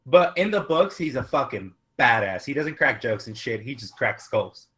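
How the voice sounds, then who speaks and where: A man's voice: mid-range voice, very animated, normal speed, sharp tone. Blunt, swearing podcast co-host man. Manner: blunt, swears often, teasing. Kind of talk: casual chat.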